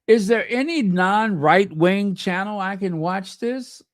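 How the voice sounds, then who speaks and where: A man hosting a casual livestream, chatty and excitable, talking to himself as he goes. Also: sits high, slow, dry recording, studio quality. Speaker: livestream host.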